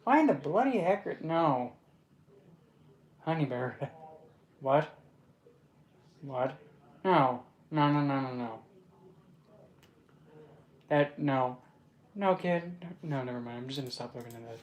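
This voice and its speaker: A streamer rambling loosely through a casual livestream chat, often giggling and breaking into exclamations. They talk back to viewers with teasing pet names, in a voice of middling pitch. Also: slow, long pauses. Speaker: streamer hosting an open chat.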